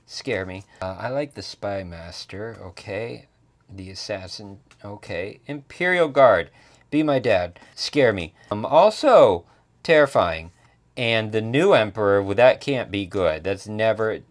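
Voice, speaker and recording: A man talks through a board game unboxing in a casual, joking way. His voice is fairly low, and his pitch jumps around a lot. He makes playful asides as he works. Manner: playful, jokey commentary.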